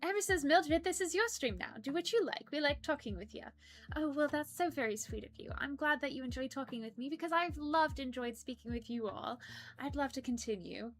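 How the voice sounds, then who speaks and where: A woman's voice: high voice, animated, a little fast, slight background noise. A woman voicing a prim, polite persona who reads live-stream chat aloud and apologizes often. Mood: prim chatty. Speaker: stream co-host reading chat.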